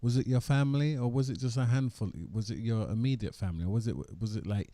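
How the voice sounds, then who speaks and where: A man's voice: mid-range voice, steady tone, fast talker, mellow, no echo. A man, bantering and teasing on a live stream chat. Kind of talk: casual chat.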